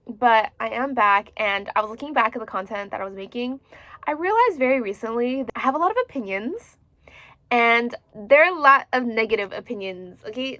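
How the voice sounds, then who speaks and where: A woman in her twenties chatting casually as a book vlogger, expressive and full of filler words. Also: fairly high pitch, dry recording. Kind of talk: casual chat to camera.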